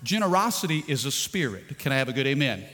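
Joking pastor preaching in a reverberant church. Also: male voice, mid-range voice, big pitch swings, fast talker, a bit bright. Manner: jokey, talks to the congregation, repeats himself. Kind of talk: sermon. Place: church sanctuary. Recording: long hall reverb.

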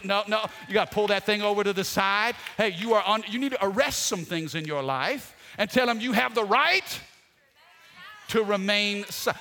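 A male pastor delivering an energetic sermon, leading the congregation in call-and-response and shouted refrains. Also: high-pitched, normal speed, slight background noise. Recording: long hall reverb.

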